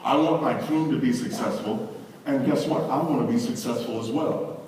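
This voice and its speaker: A man giving a motivational seminar talk to a live audience, animated and preachy, speaking to the crowd directly. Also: mid-range voice, normal speed, a little hiss or hum. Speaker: leadership conference speaker. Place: large hall with audience. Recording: echoey hall recording from far off.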